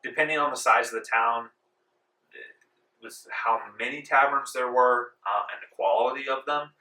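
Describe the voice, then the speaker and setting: Relaxed, meandering male game master; bright tone, distant mic in a roomy space. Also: medium pitch, moderate pace. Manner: relaxed with many fillers. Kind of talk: narrating a tabletop game. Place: library room. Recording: echoey room from far off.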